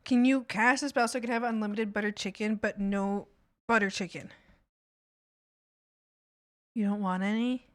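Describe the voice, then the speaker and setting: A woman's voice: mid-range voice, steady tone, normal speed, pauses often, no room sound, studio quality. A woman streamer in casual livestream chat, talking in a playful, rambling, goofy way.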